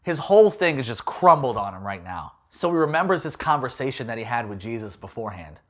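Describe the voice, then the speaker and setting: A man's voice: mid-range voice, sing-song, fast talker. A man giving a playful, jokey youth talk as a youth pastor.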